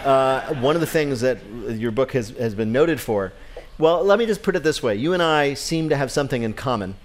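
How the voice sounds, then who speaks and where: A man's voice: medium pitch, animated, fairly quick. A man hosting a public radio comedy quiz show, interviewing a guest in a joking way and laughing often.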